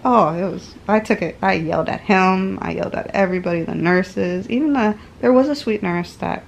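A woman's voice: fairly low pitch, fairly quick, gravelly, few pauses, slight background noise. A woman vlogger resting at home after a medical procedure, sore and telling the story frankly and with animation. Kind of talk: casual chat to camera.

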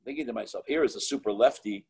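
A middle-aged man, a rabbi, telling stories in an animated way, with many restarts and quoted dialogue. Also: mid-range voice, quick pace, creaky, slightly rough, poor audio. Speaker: Chabad rabbi and author. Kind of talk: storytelling talk.

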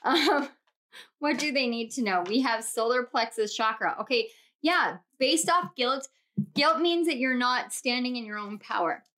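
A young woman giving a casual tarot reading to viewers, bubbly and gushing, often breaking into laughter and excited squeals. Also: on the high side, unhurried. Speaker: tarot reader.

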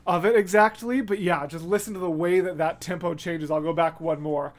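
A reaction video host giving casual, excitable commentary, gushing and chatty with fillers, scatting rhythms to make points. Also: medium pitch, fairly quick. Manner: scats rhythms to illustrate points.

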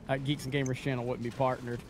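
A man's voice: mid-range voice, little pitch movement, fairly quick, background noise. A young adult man co-hosting a gaming stream, joking, defensive and easily exasperated. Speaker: streamer, co-host. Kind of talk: casual gaming stream chat.

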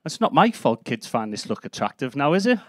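A man's voice: mid-range voice, big pitch swings, brisk, no room sound. Brash, sweary Scouse comedian in his fifties. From Liverpool, England. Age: 50s. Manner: brash, sweary, punchy storytelling. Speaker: stand-up comedian. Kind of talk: live stand-up set. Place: comedy club stage.

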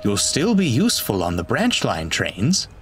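A man voicing a kindly older male engine for a storybook, gentle and good-humoured. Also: lowish voice, wildly swooping pitch, normal speed, faint music behind. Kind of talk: storybook voice acting.

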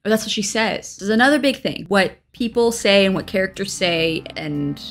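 A woman's voice: mid-range voice, lively intonation, moderate pace, faint music behind. A young adult woman, an actor, casually talking through a reaction to her old show in a rambling way and often correcting herself. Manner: rambling, chatty, with frequent self-corrections.

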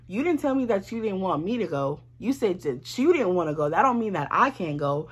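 Young woman, husky voice, casual storytime, blunt and animated, swears a lot. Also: mid-range voice, fairly quick. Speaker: vlogger.

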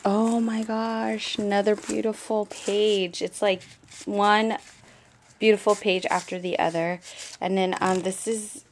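Woman, craft vlogger, unhurried delivery, gushing, chatty to viewers. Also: mid-range voice, little pitch movement, a little hiss or hum. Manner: gushing, repeats exclamations often; talks straight to viewers. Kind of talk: casual show-and-tell vlog.

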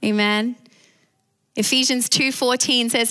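Australian woman pastor, fairly high voice, preaching with amen call-outs. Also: unhurried, fairly bright tone. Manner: preaching with call-and-response amens. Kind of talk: sermon.

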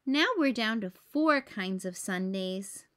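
A woman's voice: medium pitch, lively intonation, slow pace, a bit bright. A woman voicing a bossy, practical young girl who gives instructions in a matter-of-fact way.

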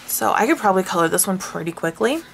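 A woman vlogger chatting casually while showing her coloring books, rambling and self-deprecating, with sighs and hushed asides. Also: medium pitch, expressive, fast, gravelly, noisy background. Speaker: craft vlogger.

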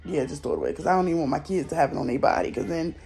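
Rapid-fire and low, her voice comes across gravelly yet mellow. She's a young woman from the Southern United States, filming a casual, blunt, swear-filled chat for viewers on her phone while in bed at home.

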